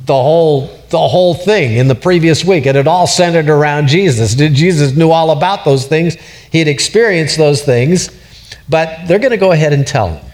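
The preacher's voice is fairly high and a little mellow, moving at a moderate pace. Taking the passage verse by verse, he speaks conversationally in this expository sermon, questioning the congregation and repeating words as he builds his argument.

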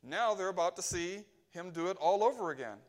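A man's voice: high voice, expressive, fairly quick. A man preaching a sermon, emphatic and often asking "right?" to his hearers.

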